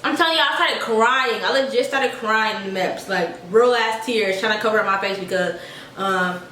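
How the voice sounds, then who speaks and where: A woman's voice: medium pitch, moderate pace, recorded from a distance. Chatty woman in an echoey room. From Georgia, USA. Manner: chatty, animated, addresses viewers as y'all. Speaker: army soldier. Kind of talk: casual storytime vlog. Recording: echoey room, voice a bit off-mic, faint noise.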